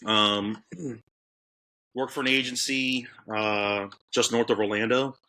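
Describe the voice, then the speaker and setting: A man's voice: mid-range voice, fairly even intonation, slow, bright, forceful tone. A man in his thirties from Florida, a guest telling his story in casual chat, rambling with many fillers. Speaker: podcast guest, K9 handler.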